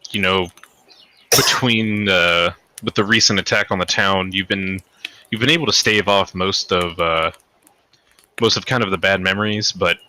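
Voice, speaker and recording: A man's voice: on the low side, sharp tone. A man narrating a tabletop game as game master, rambling with lots of fillers and hedges. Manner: rambling, hedging, many fillers.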